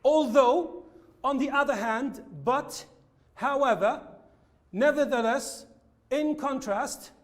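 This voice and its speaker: A man teaching an English lesson, explaining linking words slowly and repeating his examples. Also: extremely high pitch. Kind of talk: classroom lesson with slides.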